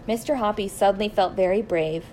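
A woman reading a children's story aloud, expressive and deliberate, slowing down for emphasis. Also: mid-range voice, slight background noise, rough recording.

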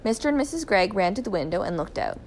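A woman narrating a children's story in a clear, even, expressive reading voice. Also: medium pitch, quick pace, slight background noise. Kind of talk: children's story read aloud.

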